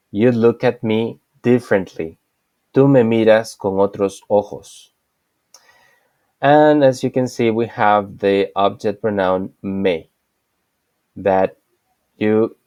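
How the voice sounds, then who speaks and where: Male Spanish teacher, unhurried, dry close sound, repeats examples patiently. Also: lowish voice, a little mellow, dry recording. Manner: explains slowly, repeats example sentences. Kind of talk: online language lesson.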